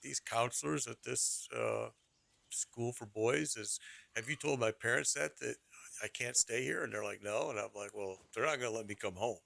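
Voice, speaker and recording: A man's voice: medium pitch, moderate pace, vocal fry, a bit bright, no echo. A middle-aged man streaming, telling a rambling personal story in casual talk, repeating phrases and laughing as he goes.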